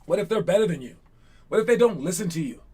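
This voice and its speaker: A young man talks to a group of young players in a loose, energetic way, circling back to check they are with him. His voice sits a little high for a man. He moves from pep talk to hosting trivia without ever sounding scripted. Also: quick pace, breathy edge. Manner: energetic, rambling, repeats "all right?". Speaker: basketball coach hosting an online session.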